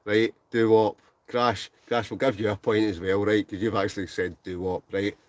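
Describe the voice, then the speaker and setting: The speaker is a man from Scotland, in his forties, hosting a relaxed livestream inside a tent and going through viewers' comments. He delivers them flatly at normal speed in a lowish voice, with frequent laughter and a bit of mumbling, and the recording sounds dry.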